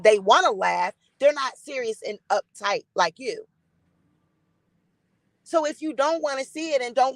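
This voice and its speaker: A woman's voice: on the high side, fairly bright tone, no echo, poor audio. A woman hosting a live-stream gossip commentary, blunt and defiant, swearing freely and greeting chat viewers by name.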